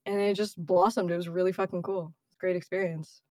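A woman's voice: fairly low pitch, little pitch movement, fairly quick, dark tone, dry recording, studio quality. Laid-back young woman, swears casually. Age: young adult. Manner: laughing, loose, swears casually. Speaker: guest streamer. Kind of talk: casual chat.

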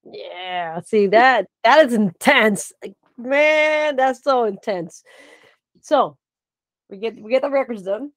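A woman's voice: on the high side, animated, slow, dry recording. A woman hosting a podcast, offering short, wondering reactions and moving the talk on. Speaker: podcast host.

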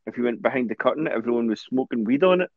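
A man's voice: mid-range voice, expressive, very fast, no room sound. Scottish man on a dull lo-fi mic. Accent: Scottish, Greenock. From Scotland. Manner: blunt, anecdotal. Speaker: co-host. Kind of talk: casual podcast chat. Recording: dull lo-fi dry recording.

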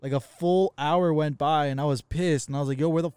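Podcast co-host, male, smooth and slightly high, animated profane storyteller, dry close mic. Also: brisk, no room sound. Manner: profane, animated, acts out quoted dialogue. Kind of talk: casual storytelling chat.

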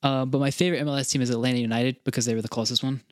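A young man from North Carolina co-hosting a podcast, chatting casually in an excitable, rambling way with lots of restarts and fillers. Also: mid-range voice, very fast, dry recording, clean studio sound. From North Carolina, USA. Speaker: podcast co-host. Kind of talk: casual chat.

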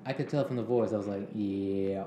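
A man with a Southern accent co-hosting a podcast, chiming in with quick, offhand asides in casual chat. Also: on the low side, dark tone, reverberant, a little hiss or hum. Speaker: podcast co-host.

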